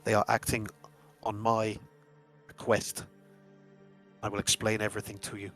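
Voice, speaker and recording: A man voicing a big, stern Nordic warrior in a tabletop game, speaking in a measured, formal, grave way. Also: fairly low pitch, monotone, fairly bright tone, soft background music, close to an everyday voice.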